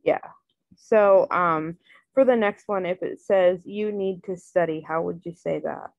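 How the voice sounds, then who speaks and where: Low, gravelly woman tutoring over a call. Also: a little slow, no echo, narrow, tinny audio. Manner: relaxed, filler-heavy, many "um" and "like". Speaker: Spanish tutor. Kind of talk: casual online lesson.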